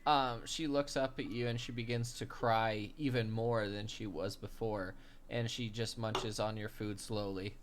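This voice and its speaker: A man narrating a tabletop game as game master, relaxed and full of fillers. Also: on the low side, measured pace, noisy background.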